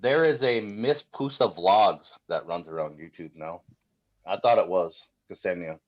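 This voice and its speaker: A man co-hosting a casual drone chat, animated and quick to laugh. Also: low voice, muffled recording. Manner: animated, laughing, playful voices in his stories.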